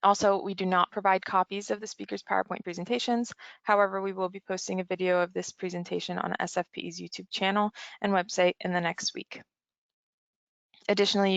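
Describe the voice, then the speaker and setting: Gravelly woman reading webinar logistics. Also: medium pitch, a bit bright, no echo, dull audio. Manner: reads from a script, businesslike. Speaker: event manager and moderator. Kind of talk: scripted webinar introduction.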